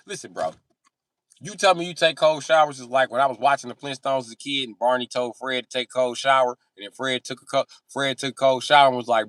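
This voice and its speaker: A man's voice: medium pitch, fast, fairly bright tone, no room sound. A male comedian telling crude, profane stand-up stories on a live stream.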